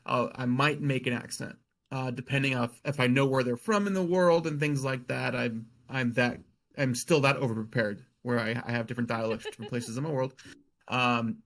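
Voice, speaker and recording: Guy rambling about running his game, keeps restarting sentences, middle pitch, relaxed chat. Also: moderate pace. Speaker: guest game master. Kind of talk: casual podcast chat.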